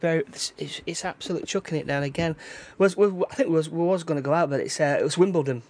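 A man's voice: a little high, fast talker. Chatty man, rambling and restarting. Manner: rambling, repeats and restarts words, excitable bursts. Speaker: podcast host. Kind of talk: casual solo podcast chat. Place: indoors, rain outside.

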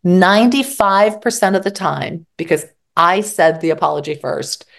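A woman therapist talking in an interview, animated and acting out quoted exchanges. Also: fairly low pitch, moderate pace, vocal fry. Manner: animated, acts out quoted dialogue. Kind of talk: interview conversation.

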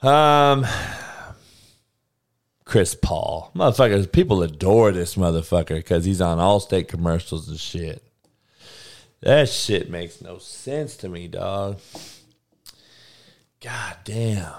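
A man's voice: sits low, lively intonation, slow pace, long pauses. A man ranting bluntly and profanely in casual talk, laughing between heated points.

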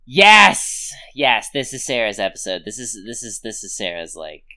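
An excitable podcast co-host who swears freely in casual chat. The voice is bright and crisp, and its pitch swings widely. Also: brisk. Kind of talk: casual chat about an anime series.

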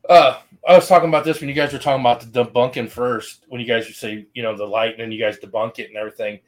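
A man hosting a podcast in casual chat, animated and acting out his reactions. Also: mid-range voice, rapid-fire. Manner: animated, acts out yelling at his phone. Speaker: podcast host.

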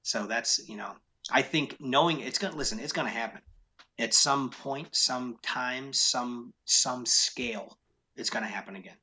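A man's voice: mid-range voice, moderate pace, pushed and bright, slight background noise. A man who owns a business, talking frankly and emphatically in a casual interview, often repeating his key points. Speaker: business owner.

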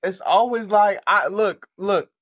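A man's voice: sits high, unhurried, a bit bright, breathy edge. A young man co-hosting a casual podcast chat, dramatic, sassy and blunt. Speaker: podcast co-host.

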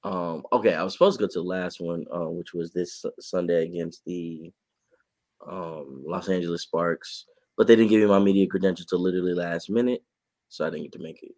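A man co-hosting a podcast and reporting on sports, talking in a casual, animated way and laughing often. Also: sits low, fairly quick, no echo. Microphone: podcast mic.

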